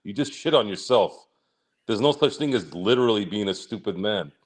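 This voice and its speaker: Man, podcast co-host, low voice, animated pitch, teasing, laughing. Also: normal speed. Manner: needling, trash-talking, laughing. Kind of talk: casual sports podcast banter.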